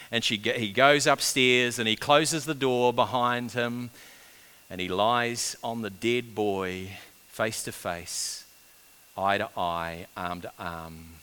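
A man preaching a sermon, swinging between loud urgent build-ups and hushed, quiet passages. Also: mid-range voice, clean tone. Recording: long reverb of a large hall.

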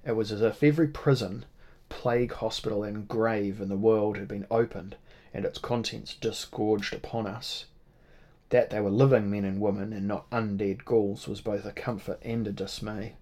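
A man narrating a novel in a measured, dramatic reading style. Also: on the low side, fairly even intonation, a little mellow. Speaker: audiobook narrator. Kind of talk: scripted narration.

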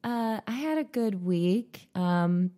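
A woman's voice: medium pitch, animated, takes it slowly, warm tone. A woman in her thirties co-hosting a podcast, telling stories in a dry, self-mocking casual chat. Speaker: podcast co-host.

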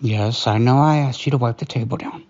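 A man doing a comforting partner role-play, talking softly and slowly in a hushed, soothing way. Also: mid-range voice, lo-fi sound. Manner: soft, hushed, soothing and slow. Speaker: storyteller.

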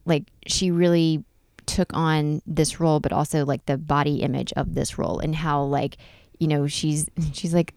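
Woman co-host with a lowish voice, lively and profane in casual chat, recorded dry. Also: moderate pace, no echo. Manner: animated storyteller, swears freely, jumps into high exclamations. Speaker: podcast co-host.

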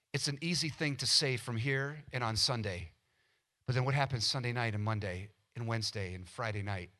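A male pastor preaching a sermon, animated and acting out little everyday scenes with quoted voices. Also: medium pitch.

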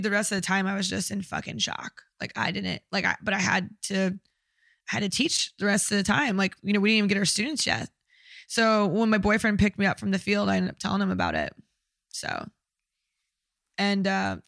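A woman's voice: mid-range voice, gravelly, a bit bright, no room sound, clean studio sound. A young woman telling a personal story in casual conversation, candid and blunt, swearing often.

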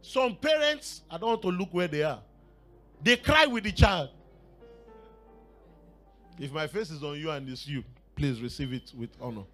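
Animated Nigerian preacher, high lively voice. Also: male voice, fairly quick, few pauses, soft background music. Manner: storytelling with bursts of laughter and shouted exclamations. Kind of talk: sermon.

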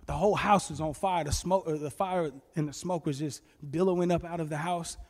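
Lively male preacher, storytelling sermon, high-ish voice in a reverberant room. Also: fairly quick. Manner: animated storytelling, bursts of shouting. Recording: long reverb with faint music.

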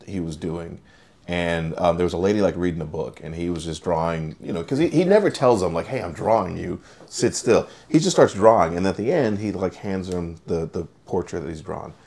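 Low gravelly man chatting casually. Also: a little fast, a little mellow. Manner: rambling, filler-heavy storytelling. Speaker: podcast co-host. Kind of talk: casual chat.

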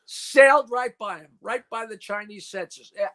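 A man's voice: high-pitched, moderate pace, sharp tone. An older man in his seventies from New York, a comedian guest in a casual call-in chat, rattling off dirty jokes and stories.

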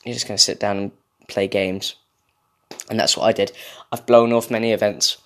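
A man's voice: on the low side, fairly even intonation, normal speed, a little hiss or hum. A young man, host of a solo show, ranting in a sarcastic, sweary, rambling way. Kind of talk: casual comedic rant.

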